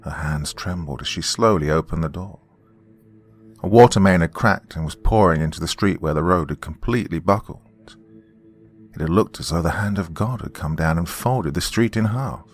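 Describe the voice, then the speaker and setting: Deep-voiced man narrating horror. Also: husky. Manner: measured storytelling. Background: faint music.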